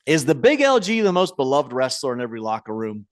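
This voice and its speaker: A man's voice: fairly high pitch, very animated, fast talker, hardly any pauses, no echo, clean studio sound. A man in his forties co-hosting a casual podcast, reading listener emails and often breaking into laughter between stumbling restarts. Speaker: podcast co-host.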